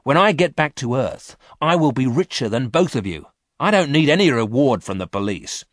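A man acts out a sly, amused space stranger, his voice raised and lively above the narration. The sound is dry and close, like an audiobook. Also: medium pitch, moderate pace, no echo, pitched above the performer's own voice, lightly acted.

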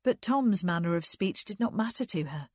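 A woman narrating a novel in a measured, even reading. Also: medium pitch, breathy edge, no room sound, clean studio sound. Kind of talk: scripted narration, audiobook.

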